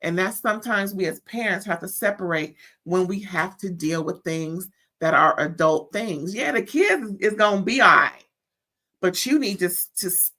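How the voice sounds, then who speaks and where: A chatty woman, recapping a reality show in a loose, talkative way. She stretches out her exclamations and keeps up a friendly back-and-forth with her viewers, in a medium voice. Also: mid-range voice. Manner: chatty, animated, drawn-out exclamations like "girl" and "mm-mm". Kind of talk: casual chat recap.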